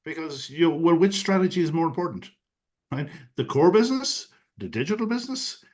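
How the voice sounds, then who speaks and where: A man's voice: on the high side, sing-song, a little fast. A man, a guest expert on a webinar call, explains his views fluently, sprinkling in many "you know" fillers. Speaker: guest expert on digital strategy. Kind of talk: webinar interview answers. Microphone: video call.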